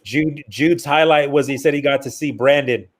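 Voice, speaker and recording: A man's voice: fairly high pitch, moderate pace. A man co-hosting over a video call, chatting in a friendly, easygoing way. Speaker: co-host. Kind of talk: casual chat.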